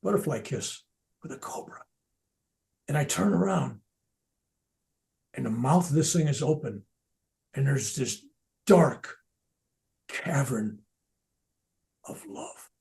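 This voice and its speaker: An older man telling his spiritual experiences in a loose, animated way, often restarting his sentences and dropping his voice to a near-whisper for emphasis. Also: medium pitch, takes it slowly, vocal fry, pauses often. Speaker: speaker at a veterans event. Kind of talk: spoken personal storytelling.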